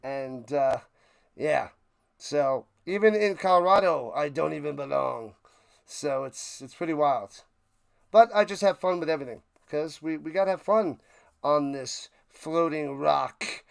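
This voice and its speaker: A man's voice: on the high side, unhurried, creaky, clean tone. A man with a New York accent, a live-streamer chatting playfully and calling plays during a football watch party. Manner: rambling, playful, jumps between game calls and snack talk. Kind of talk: casual live play-by-play chat.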